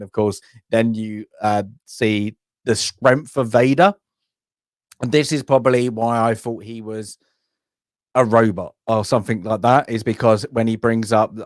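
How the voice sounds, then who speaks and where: A man's voice: fairly low pitch, no room sound, studio quality. A man co-hosting a casual film review chat, rambling and hesitant with frequent restarts. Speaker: podcast co-host.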